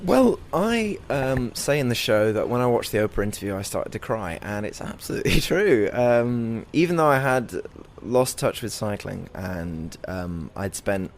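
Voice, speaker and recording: A young man, a comedy performer, giving thoughtful, earnest interview answers and growing animated as he recounts. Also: lowish voice, normal speed, hardly any pauses, slight background noise.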